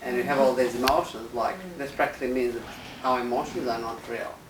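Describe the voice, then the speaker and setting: Male participant, rapid and questioning, recorded from across a roomy, noisy space. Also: medium pitch, steady tone. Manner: questioning, thinking aloud. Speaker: workshop participant.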